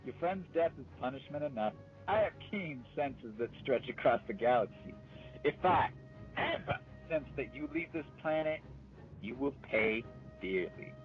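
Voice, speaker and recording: A man's voice: medium pitch, expressive, a little slow, narrow, tinny audio, soft background music, voice pushed up, close to an everyday voice. A man voicing a ruthless young man with mystic powers who gives cold, mocking commands. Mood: commanding.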